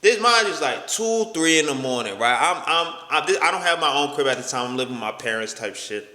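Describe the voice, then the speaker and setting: A man's voice: fairly high pitch, expressive, fairly quick, pushed and bright. A young man telling a story from his own life in a casual vlog, full of slang and stammers, and acting out the other voices. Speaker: storytime vlogger. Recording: echoey room with long reverb.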